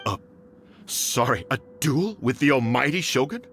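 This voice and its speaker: A man's voice: a little high, lively intonation, brisk, bright, forceful tone. An actor playing a timid older nobleman who stammers and hesitates, in a video game. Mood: flustered. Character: nervous aging Takatsukasa noble man, timid, stammering. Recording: game audio with music.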